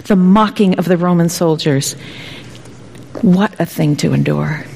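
A woman pastor preaching a sermon, telling it dramatically and sometimes dropping to a hushed whisper. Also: fairly low pitch, unhurried, gravelly, slight background noise. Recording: long hall reverb.

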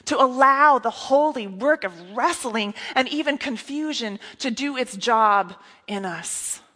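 A woman's voice: a little high, animated, a little slow. Earnest woman preaching in a reverberant hall. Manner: earnest, soft and intimate, often dropping to a hush. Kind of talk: sermon.

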